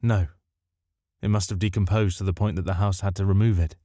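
A stern woman reverend in an audiobook, curt and tired of her sleepy assistant, played by a man. The voice is low and mellow, recorded dry and close. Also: steady tone, a little fast, dry recording, close to an everyday voice. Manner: curt and matter-of-fact.

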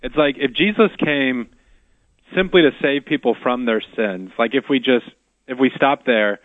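A man's voice: medium pitch, normal speed, no room sound. Male co-host on tinny phone-like radio. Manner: thoughtful, with frequent "like" fillers. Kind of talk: casual faith discussion.

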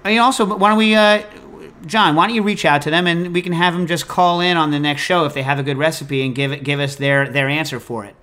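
A man hosting a food call-in show, chatting casually and answering listener questions in an opinionated, animated, digressive way. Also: fairly high pitch, fast talker.

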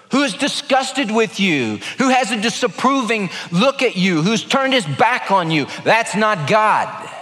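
Man, pastor, lively sermon delivery, emphatic then hushed, slightly high voice, long hall reverb. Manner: animated preaching, swinging between emphatic and hushed.

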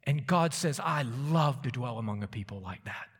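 A man's voice: mid-range voice, animated, moderate pace, slightly rough. A man preaching an earnest expository sermon, quoting scripture with emphasis. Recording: long reverb of a large hall.

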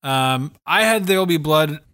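A man's voice: a little high, expressive, measured pace, sharp tone, smooth, no echo. A man talking casually on a podcast, chatty and joking as he goes through his rankings. The recording is dry and close. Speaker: podcast co-host. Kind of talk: casual film discussion.

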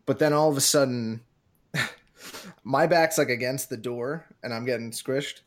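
A man chatting on a casual podcast, his voice sitting in the middle range. He gets animated as he tells the story and jumps up in pitch when he quotes himself panicking. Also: takes it slowly, long pauses. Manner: animated, acts out his own panic in a raised voice. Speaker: podcast co-host.

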